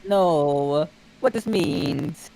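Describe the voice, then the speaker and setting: A man voicing a sweet young woman from a fan fiction story, in a slow, drawn-out, mock-tender delivery. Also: a little high, creaky, dark tone, slight background noise, heavily acted, poor audio.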